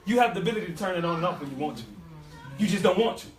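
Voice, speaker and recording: A man giving an animated, folksy motivational talk with a preaching flavor to a small audience. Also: sits high, very fast. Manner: animated, folksy, with vernacular asides and repeats. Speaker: speaker at a youth life-skills session. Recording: echoey room, mic at a distance.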